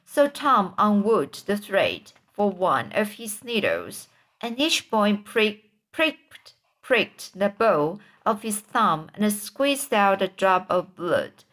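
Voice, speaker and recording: A woman's voice: medium pitch, big pitch swings, slow pace, fairly bright tone. A woman reading a children's storybook aloud, stumbling and restarting words often. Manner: stumbling read with frequent restarts. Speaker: audiobook reader. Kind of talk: storybook narration.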